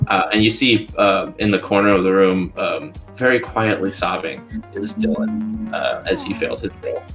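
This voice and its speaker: Man, game master, lowish voice, halting, faint music behind. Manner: halting, full of ums and likes. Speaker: dungeon master. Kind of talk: narrating a tabletop game.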